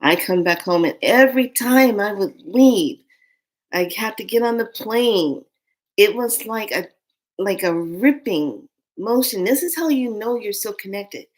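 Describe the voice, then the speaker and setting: A woman's voice: mid-range voice, expressive, a little slow, rough recording. A woman telling an emotional personal spiritual story, earnest and speaking directly to her listeners.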